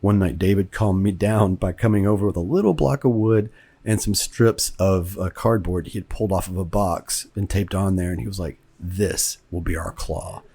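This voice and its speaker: A man from Kentucky talks through his own film as its director, in a relaxed, rambling way. He often repeats a word while he gathers his thoughts. His voice sits very low and has a slightly husky grain. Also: moderate pace. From Kentucky, United States. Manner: rambling, conversational, repeats words as he thinks. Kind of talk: director's commentary.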